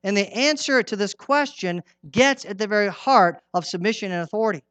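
A middle-aged man delivers an earnest, emphatic sermon, repeating his key lines and dropping from loud to hushed. His voice is high and fairly quick, with no echo.

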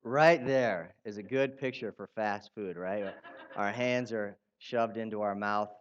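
A man preaching a sermon in a conversational way, asking his listeners questions and turning animated when he reads out quotes. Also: fairly low pitch, measured pace, lo-fi sound. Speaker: pastor.

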